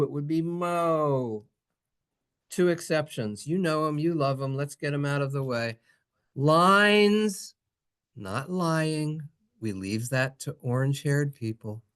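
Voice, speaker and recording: A Hebrew teacher leading a playful, sing-song classroom reading lesson and acting out the letter sounds. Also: mid-range voice. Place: synagogue classroom.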